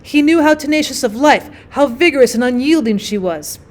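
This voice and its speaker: A woman teacher giving a measured, clear scripted narration of a short story. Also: high-pitched, expressive.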